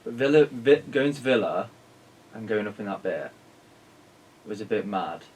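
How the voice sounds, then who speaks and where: A man's voice: on the low side, slightly rough, far from the mic, low-quality recording. A young man, chatting animatedly on a podcast, packed with "like". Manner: animated, quick, full of "like". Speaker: podcast co-host. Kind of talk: casual chat.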